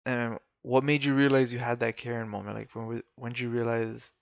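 A man's voice: medium pitch, little pitch movement, fairly quick, gravelly, dry recording. A man co-hosting a podcast, chatting casually with profane, laughing banter. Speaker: podcast co-host. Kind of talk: casual chat. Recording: dry, dull lo-fi sound.

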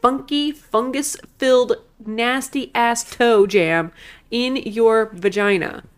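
A woman's voice: fairly high pitch, slow, clean tone. Blunt, grossed-out woman co-host. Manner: blunt, grossed-out, crude jokes. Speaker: podcast co-host. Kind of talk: casual film review chat.

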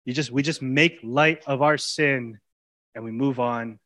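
A man in his thirties, a pastor preaching with passion, his colloquial talk swinging from loud urging to hushed intimacy. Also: mid-range voice, a little slow. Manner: colloquial preaching, casual grammar. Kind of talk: sermon.

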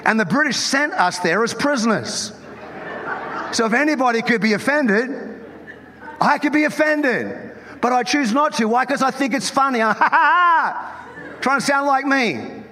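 A man with an Australian accent, the lead pastor, preaching an animated, joking sermon. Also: very high-pitched, normal speed, a little hiss or hum. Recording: long hall reverb.

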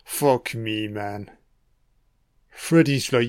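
A man's voice: medium pitch, takes it slowly, a bit bright, clean tone. A man giving casual audio commentary on a film, with profane, sardonic running reactions.

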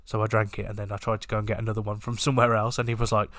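A man's voice: on the low side, level tone, rapid-fire, a bit bright. A young man from the UK, chatting casually and jokingly about a trip. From United Kingdom. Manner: jokey, does exaggerated voices for others. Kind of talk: casual chat.

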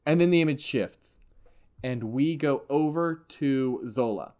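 Relaxed male game master, unhurried, mid-pitched narration. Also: smooth. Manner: relaxed, conversational, with frequent laughs.

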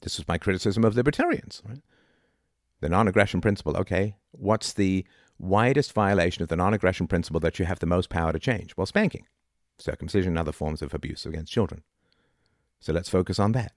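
Deep-voiced man arguing philosophy. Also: fast talker, no echo, studio quality. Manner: argumentative, rhetorical, many "right?" asides. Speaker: philosophy lecturer. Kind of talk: informal philosophy talk.

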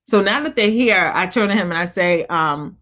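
A woman's voice: lowish voice, normal speed. Earnest woman talking about motherhood. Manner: earnest, encouraging, animated when telling stories. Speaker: guest, mother. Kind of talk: conversational interview.

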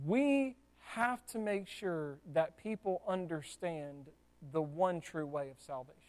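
A man preaching a sermon in a conversational, animated way, with asides to the congregation. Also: high voice. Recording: long church hall reverb.

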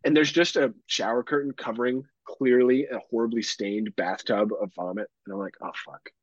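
A man's voice: medium pitch, fairly even intonation, normal speed, no echo, muffled recording. A man in his thirties, a podcast co-host, telling a long story in casual profane chat full of fillers. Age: 30s.

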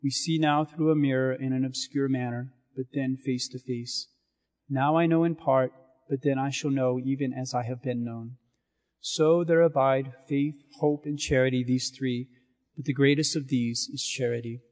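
A man serving as a priest, reading scripture and preaching in a measured, solemn cadence in a church. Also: mid-range voice, steady tone, a little mellow. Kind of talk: liturgical reading and sermon. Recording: long reverb of a church.

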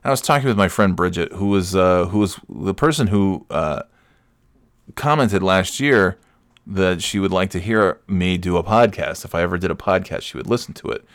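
Low-voiced, rambling podcast host. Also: male voice, normal speed, no room sound, studio quality. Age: 40s. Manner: rambling, self-amused, chuckles often. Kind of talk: casual storytelling.

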